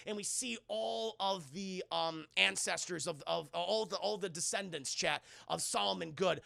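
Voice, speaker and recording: A man hosting a live stream, retelling a film scene by scene in an animated, rambling way. His voice is high, bright and very gravelly. He swears freely and keeps calling out to his chat. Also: moderate pace, few pauses, faint music behind. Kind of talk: casual live-stream recap.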